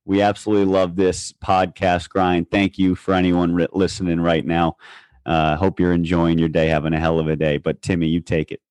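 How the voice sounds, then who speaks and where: A young man with a low, deep voice, talking fast and hyped about golf as a podcast co-host. He rambles and swears casually. The sound is dry and close. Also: level tone, a little mellow, clean tone, no echo.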